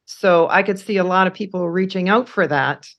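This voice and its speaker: A woman hosting a podcast interview, supportive and quick with short affirmations. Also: lowish voice. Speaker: podcast host. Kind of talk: casual interview talk.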